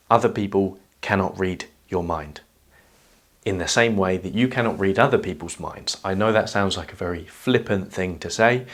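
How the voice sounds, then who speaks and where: A man calmly explaining social skills in a measured whiteboard lesson. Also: deep voice. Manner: calm, measured teaching delivery. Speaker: self-help educator.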